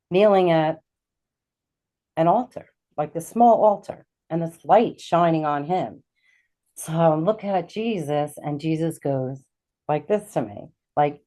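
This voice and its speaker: A middle-aged woman with a low, mellow voice tells a personal story as a talk-show guest. She is animated and slips into the voices of the people she quotes. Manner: animated, acts out quoted dialogue. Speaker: guest, intuitive healer.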